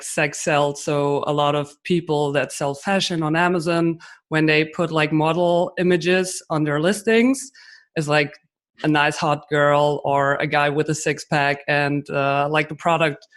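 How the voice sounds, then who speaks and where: Woman explaining with examples. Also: deep voice. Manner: explains with examples, frequent fillers. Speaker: guest expert. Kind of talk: podcast interview answers.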